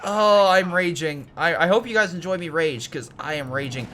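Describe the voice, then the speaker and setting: A man giving casual commentary on a strategy game replay, excitable and ranting, swearing and swinging from mutters to yells. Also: high-pitched, a little fast, few pauses, slight background noise.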